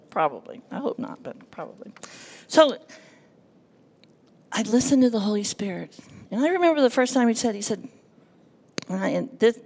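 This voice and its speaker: A woman giving an earnest, emotional personal testimony from a church pulpit, telling her story with lively quoted dialogue. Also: mid-range voice, creaky. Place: church sanctuary.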